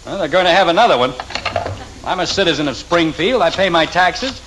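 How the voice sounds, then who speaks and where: A man's voice: fairly high pitch, lively intonation, brisk, noisy background, close to an everyday voice. An actor playing a flustered middle-aged family father in a 1950s radio sitcom, exasperated and sputtering. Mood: indignant.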